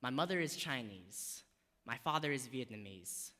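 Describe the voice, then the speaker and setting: Bright-voiced young man in a hall. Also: mid-range voice, normal speed. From United States. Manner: rhythmic, shifts from soft recited poetry to lively casual talk. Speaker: spoken word poet. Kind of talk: spoken word performance then talk. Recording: long hall reverb.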